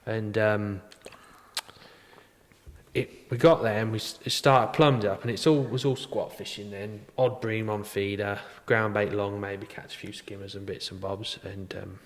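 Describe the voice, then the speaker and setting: A man with a fairly low voice tells a meandering story in a relaxed podcast chat, stopping and restarting often. The sound is roomy, with a long reverb tail hanging after his words. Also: unhurried. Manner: rambling storyteller, many fillers and restarts. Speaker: podcast co-host, tackle shop worker. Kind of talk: casual chat. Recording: echoey room with long reverb.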